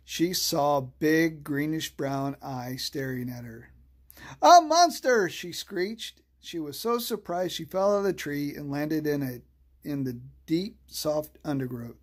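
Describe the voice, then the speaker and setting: A storyteller reading a children's bedtime story aloud, slow and soothing. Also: medium pitch.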